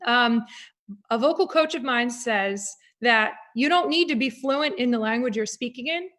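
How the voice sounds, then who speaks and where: Guest woman singer, somewhat high-pitched, animated conversational delivery. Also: moderate pace. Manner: animated, reflective, with frequent fillers. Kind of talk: conversational interview.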